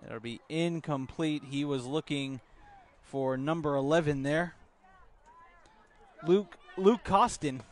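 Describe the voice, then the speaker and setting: A man calling youth football play-by-play outdoors at a field, relaxed, with filler words. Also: on the high side, slow pace, pauses often. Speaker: play-by-play commentator.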